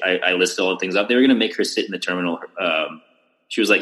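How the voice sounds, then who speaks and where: A young podcast host tells a long story in casual chat, full of restarts and fillers. His low voice races along with a bright, forceful tone, and the recording is rough.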